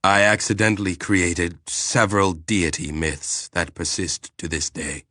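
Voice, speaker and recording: An ancient alien intelligence speaks slowly and clinically, weighing every word in a deep, bright-edged voice, as a male narrator puts it on. It sounds detached and literal-minded. The reading is dry and close. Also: steady tone, no room sound, exaggerated voice. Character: ancient calm alien planetary mind, sexless.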